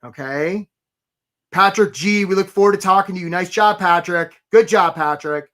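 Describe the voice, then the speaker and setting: A man coaching job seekers on a live webinar, animated and casual, often stopping to greet attendees by name. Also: high-pitched, normal speed. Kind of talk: energetic live webinar talk.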